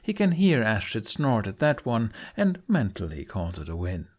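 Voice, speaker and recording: Expressive male audiobook narrator. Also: lowish voice, moderate pace. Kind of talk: fan fiction audiobook narration.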